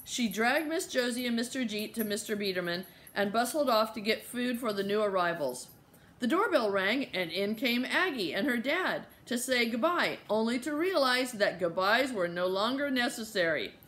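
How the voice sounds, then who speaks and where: A woman narrating a children's novel with lively, storytelling delivery. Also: on the high side, normal speed. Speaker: audiobook narrator. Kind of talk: scripted narration.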